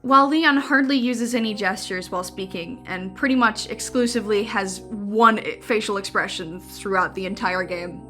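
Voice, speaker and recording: A young woman reads her own video essay script with a bright, clear voice. She keeps it wry and conversational, dropping dry jokes between points, with faint music under her. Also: mid-range voice, normal speed, hardly any pauses.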